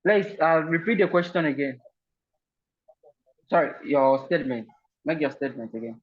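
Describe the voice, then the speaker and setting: Male video-call host, polite and hesitant, slightly high voice, muffled audio. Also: animated, normal speed, slightly rough. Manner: polite, repeats words, many fillers. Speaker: online session host. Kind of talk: casual video call game hosting.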